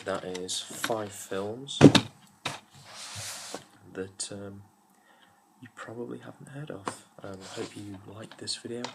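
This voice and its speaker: Low gravelly young man reviewing films. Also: very noisy. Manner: rambling, many fillers and restarts. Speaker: YouTube film reviewer. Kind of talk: casual film review talk.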